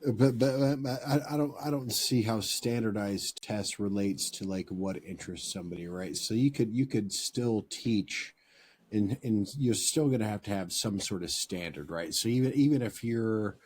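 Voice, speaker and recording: A man's voice: on the low side, moderate pace, a little mellow, breathy edge. A man in a casual group discussion, pushing back bluntly and swearing casually.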